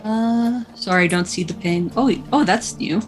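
A woman playing a tabletop role-playing game, thinking aloud with many pauses and fillers. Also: mid-range voice, poor audio. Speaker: player. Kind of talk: casual tabletop role-play.

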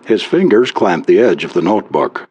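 A man reading a story aloud as an audiobook narrator, in a measured storytelling manner. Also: sits low, big pitch swings, darkish tone, husky.

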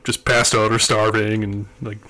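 A man's voice: lowish voice, level tone, moderate pace, pushed and bright. Earnest man musing on a podcast. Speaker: podcast co-host. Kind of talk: casual chat.

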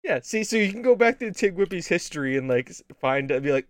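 A man co-hosting a casual gaming stream show, rambling and riffing in deadpan mock-spy bits. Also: high-pitched, quick pace, dry recording, studio quality. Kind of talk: casual joking chat.

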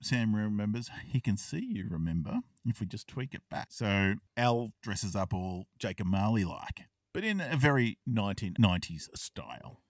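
A low-voiced man chats casually about a TV episode he has watched. He retells it in an animated way and acts out the characters' lines. The sound is dry, with the mic set back a little from him. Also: normal speed, no echo, distant mic. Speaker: podcast co-host. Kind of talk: casual chat reviewing a TV episode.

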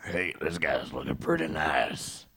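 A man voicing a creepy, lecherous male weirdo in comedic game role-play, with a very deep, husky growl. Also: huge pitch swings, measured pace, sharp tone, no echo, studio quality, exaggerated voice. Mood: leering.

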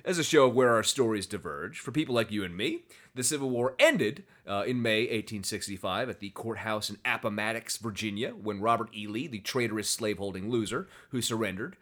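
A man's voice: on the low side, fairly quick, hardly any pauses, fairly bright tone. A man hosting a podcast, talking in a sarcastic, jokey way. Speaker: podcast host. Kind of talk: casual podcast chat.

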